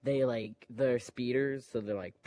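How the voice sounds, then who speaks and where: A man's voice: mid-range voice, darkish tone. A man casually retelling a film scene by scene, full of fillers, acting out moments and sound effects.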